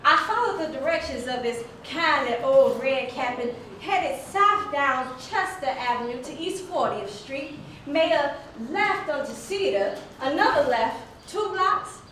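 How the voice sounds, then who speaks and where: A woman's voice: high-pitched, unhurried, a little hiss or hum. A woman playing a spirited young singer. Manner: lively, folksy storytelling with chuckles. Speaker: narrator of a one-woman stage play. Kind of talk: theatrical storytelling. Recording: echoey hall from far off, faint music.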